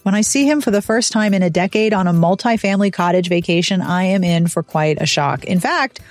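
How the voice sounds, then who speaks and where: A woman's voice: lowish voice, brisk, dry recording, faint music behind. A woman hosting a book podcast, reading a sponsor spot and chatting with playful, sardonic asides. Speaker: podcast host. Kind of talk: casual podcast chat and sponsor read.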